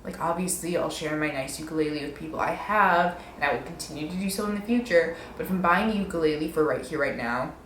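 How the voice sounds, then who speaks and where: A woman's voice: deep voice, fast, few pauses, reverberant, a little hiss or hum. A young woman in her twenties telling stories on her vlog, rambling and poking fun at herself. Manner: rambling, self-mocking, many "like"s. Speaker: vlogger. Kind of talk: casual storytelling.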